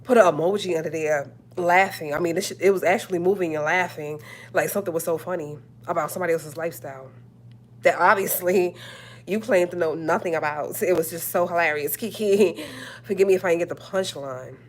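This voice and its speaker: A woman with a fairly low voice rants casually into a phone or webcam on her livestream. She is sassy and emphatic and keeps repeating her points. A faint hum sits behind her. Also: a little fast. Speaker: livestream host.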